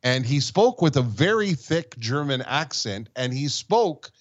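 A man's voice: medium pitch, sing-song, measured pace, dull audio. A man in his sixties from Montreal, co-hosting a podcast, telling rambling childhood stories and laughing along the way. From Montreal, Canada. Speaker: podcast co-host. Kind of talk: casual storytelling chat.

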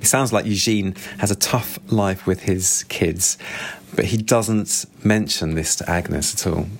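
A man reviewing a book, retelling the plot in a steady, plain way and reading quoted passages. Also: sits low, measured pace, gravelly, slight background noise. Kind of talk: book summary with read-out quotes.

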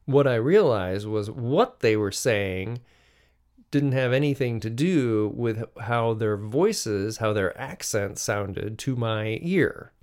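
A man's voice: mid-range voice, animated, takes it slowly, a little mellow. A middle-aged man from the United States, hosting a podcast and musing aloud in a solo monologue, with frequent restarts. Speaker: podcast host.

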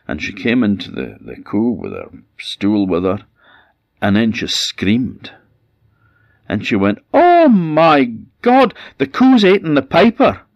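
Man, Orcadian Scottish accent, folktale teller, lively intonation, wry, muffled recording. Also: deep voice, creaky, dry recording. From Orkney, Scotland. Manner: animated, wry, conversational. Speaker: traditional storyteller. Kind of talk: oral folktale storytelling.

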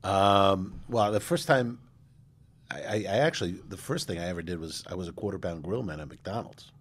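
A man, a restaurateur telling animated stories in a casual interview, with many restarts and "you know"s. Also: low-pitched, moderate pace, husky. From Manhattan, New York. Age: 60s. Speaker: guest, restaurateur.

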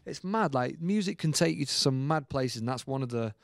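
A man, a guest musician, telling a story in a lively, casual way and acting out the quotes. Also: mid-range voice, fairly quick, vocal fry, no echo, clean studio sound. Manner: animated storyteller, acts out quotes, many fillers.

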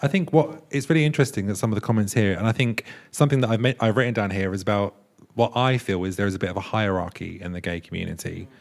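Low-voiced man hosting a live panel. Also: quick pace, vocal fry. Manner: affirming, prompts the panel with questions. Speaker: podcast host and panel moderator.

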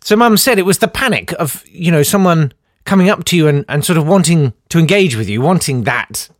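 A man's voice: a little high, expressive, fairly quick, no echo, clean studio sound. A young man rambling through comic anecdotes, often interrupting himself and laughing at his own stories. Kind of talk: anecdotal storytelling.

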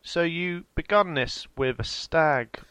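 A man co-hosting a podcast, with a slightly high voice. He teases his partner and drops puns throughout the easy, casual chat. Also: slow pace, a crowd in the background. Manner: punning, teasing banter. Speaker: podcast co-host.

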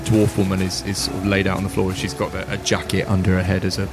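A man's voice: deep voice, completely flat delivery, fast, over music. A man running a tabletop game, laid-back and swearing freely. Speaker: game master. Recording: loud background noise.

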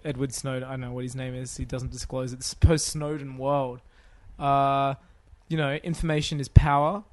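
A man hosting a podcast, joking and teasing his guests. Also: medium pitch. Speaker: podcast host. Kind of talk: casual chat.

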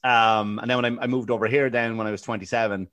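A man's voice: mid-range voice, fairly even intonation, fast talker, fairly bright tone. A man in his forties with an Irish accent, a comedian chatting as a podcast guest, blunt and sweary, often stumbling and repeating words. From Ireland. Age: 40s. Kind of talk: casual podcast chat.

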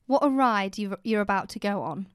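A British woman co-hosting a podcast, chatting casually and reading a letter aloud in a gentle, reassuring way. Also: mid-range voice, expressive, brisk, smooth, no echo, studio quality. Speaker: podcast co-host.

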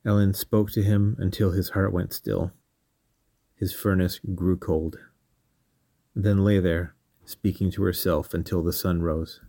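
A man narrating a scripted story in a calm, measured reading. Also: deep voice, creaky, dry recording. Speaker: storyteller and podcast host.

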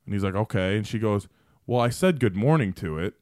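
A man's voice: on the low side, lively intonation, brisk, darkish tone, dry recording, clean studio sound. A man on a podcast telling long, profane workplace stories in a loose, rambling way full of fillers. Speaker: podcast guest. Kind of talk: casual storytelling.

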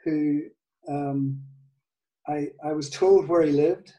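An older man with a Northern Irish accent, telling a story in an interview, halting, with many restarts and soft laughs. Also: a little high, steady tone, far from the mic. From Northern Ireland. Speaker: guitar maker, guest. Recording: echoey room, off-mic.

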